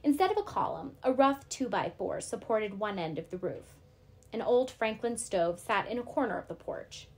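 A woman teacher reading a novel aloud to her class, steady and clear. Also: on the high side, moderate pace.

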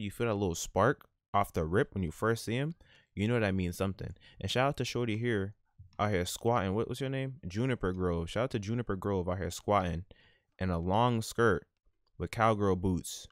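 A man's voice: on the low side, a little fast, dry recording, studio quality. A man hosting a gaming channel, giving casual, laid-back, slang-heavy commentary while he plays.

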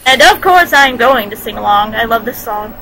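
A woman reacting to game cutscenes, gushing with excited exclamations. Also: fairly high pitch, normal speed, slight background noise. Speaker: video game reaction channel host. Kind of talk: casual reaction commentary. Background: game music.

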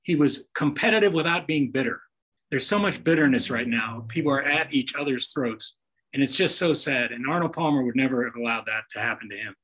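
A man's voice: medium pitch, fairly quick, fairly bright tone, rough recording. A man swaps stories over a video call in a folksy, homespun way. He keeps slipping into the voices of the people he quotes. The sound has the plain feel of a call mic. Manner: folksy anecdotes with acted-out quotes. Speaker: guest author telling stories.

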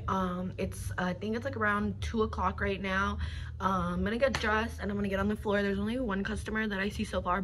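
A woman's voice: mid-range voice, background noise. Chatty young woman vlogging. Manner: chatty, talks straight to camera, drops into whispers. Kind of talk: casual vlog chat. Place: home and club dressing room.

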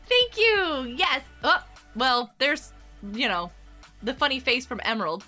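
Woman, game streamer, bubbly, giggly, bright voice, faint background music. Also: sits high, very animated, unhurried. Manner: bubbly, giggly, chatting with viewers. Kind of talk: casual live-stream chatter while gaming.

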